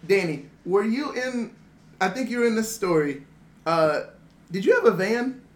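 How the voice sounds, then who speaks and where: A man telling animated, laughing stories among friends and acting out their lines. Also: high-pitched, moderate pace. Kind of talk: casual storytelling among friends. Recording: echoey room, noisy background.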